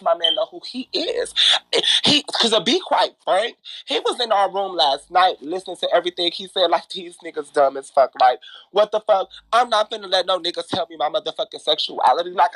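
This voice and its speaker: A woman's voice: fairly low pitch, fairly bright tone, no room sound, poor audio. A trans woman speaking as a guest in a heated panel debate, profane and talking over others.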